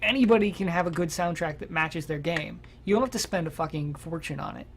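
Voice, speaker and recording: A podcast co-host in casual gaming chat, animated and swearing freely. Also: mid-range voice, brisk, slight background noise. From United States.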